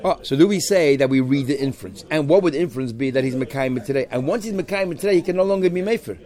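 Animated man teaching a Talmud class. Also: fairly high pitch, fast talker. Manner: animated, questioning, mixes in Hebrew terms.

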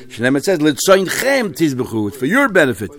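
A man teaching a Talmud class, weaving Hebrew terms into his English with halting restarts. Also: fairly high pitch, huge pitch swings, fairly bright tone.

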